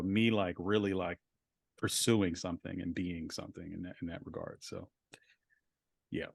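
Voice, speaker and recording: A man's voice: deep voice, creaky, dry recording, studio quality. A man, a voice actor guest, talking over a video call in a casual interview, reflective and full of filler words.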